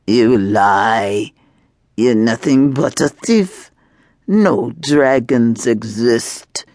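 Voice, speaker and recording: A woman's voice: very deep voice, expressive, very slow, a little mellow, no room sound, clean studio sound, full character voice. Woman doing a defiant chained prisoner. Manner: defiant, old-fashioned speech. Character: angry chained male prisoner, gruff.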